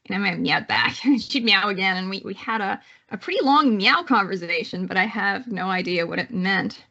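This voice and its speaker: A woman's voice: medium pitch, creaky, a bit bright, muffled recording. A woman with a Canadian accent giving a live online psychology lecture in a conversational way, with many fillers and restarts. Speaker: psychology instructor.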